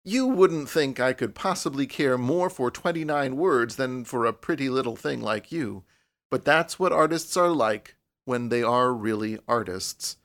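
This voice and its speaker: A man's voice: mid-range voice, measured pace, a bit bright. A man reading the lines of a young male artist who talks in a self-important, lecturing way. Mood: rueful. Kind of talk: audiobook character reading.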